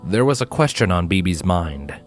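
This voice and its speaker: Lively low-voiced male story reader. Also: normal speed. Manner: expressive storytelling. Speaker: fanfiction reader. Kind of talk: audiobook narration. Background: faint guitar music.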